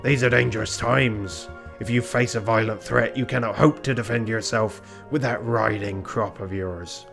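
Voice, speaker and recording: A man voicing a stern male rooster police inspector with a pirate voice, speaking slowly and gravely. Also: fairly low pitch, steady tone, a bit bright, soft background music.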